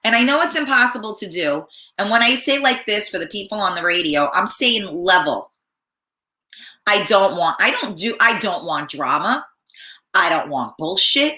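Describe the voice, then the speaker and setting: Hoarse, blunt, cursing woman host. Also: mid-range voice, animated, moderate pace, sharp tone, echoey room. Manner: blunt and profane, rambling. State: hoarse, clearing her throat. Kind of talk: casual chat.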